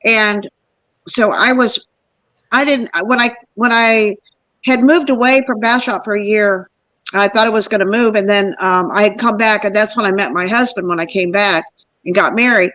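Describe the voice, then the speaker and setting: A middle-aged woman hosting a podcast, telling a personal story in a rambling, animated way and acting out the people she quotes. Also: mid-range voice, moderate pace, no echo, low-quality recording. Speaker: podcast host. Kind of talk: casual storytelling.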